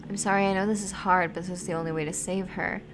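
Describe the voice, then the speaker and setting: A woman voicing a patient, cryptic witch with a soft, gentle way of speaking, read aloud from a text game. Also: fairly low pitch, steady tone, quick pace, background noise, natural voice.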